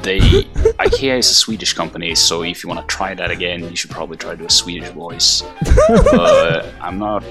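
A man rambles through a voicemail, chuckling between thoughts. His voice is very deep and gravelly. Music plays clearly underneath. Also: huge pitch swings, normal speed. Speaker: caller. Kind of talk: phoned-in voicemail.

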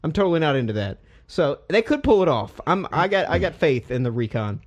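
Animated, swearing young guy. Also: fairly high pitch, fairly quick, dull audio, a little hiss or hum. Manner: animated, profane, laughs often. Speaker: podcast host. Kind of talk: casual gaming chat.

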